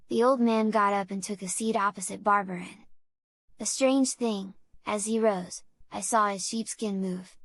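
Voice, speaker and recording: A woman reads a classic children's story aloud in a steady, measured voice at a mid pitch. The recording is close and dry, with no room echo. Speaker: audiobook reader. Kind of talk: storybook narration.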